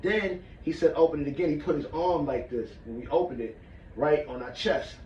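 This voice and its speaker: A man's voice: on the high side, normal speed, mellow, slight background noise. Echoey man demonstrating martial arts breathing. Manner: casual, demonstrates as he talks, checks in with "all right?". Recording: echoey room, mic far off, muffled.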